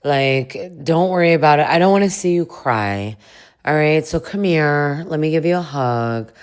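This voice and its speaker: A woman voicing a breezy young woman who reassures a crying friend in a slow, casual way. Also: sits low, lively intonation, smooth. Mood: reassuring.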